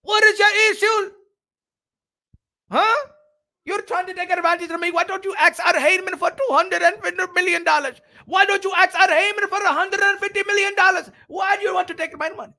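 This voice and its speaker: Brief: an outraged rich boxing financier, middle-aged, shrill and shouting, firing scolding questions. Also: male voice, steady tone, a little fast, gravelly, exaggerated voice. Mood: indignant.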